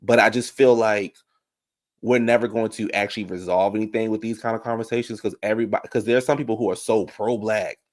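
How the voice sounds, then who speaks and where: A man's voice: fairly low pitch, fairly even intonation, fast. A man giving casual live-stream commentary on reality TV, chatty and opinionated, talking straight to his viewers.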